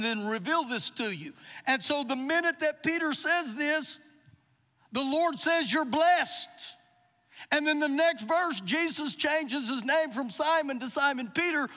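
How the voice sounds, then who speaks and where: High-voiced, bright male preacher. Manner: expository preaching with dramatized quotes. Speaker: pastor. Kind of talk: sermon. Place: church service. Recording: live service with long reverb.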